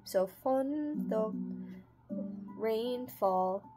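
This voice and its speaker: A woman hosting a casual unboxing vlog, chatty and halting, slowly sounding out words as she goes. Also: fairly high pitch, lively intonation, over music. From United States. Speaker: channel host.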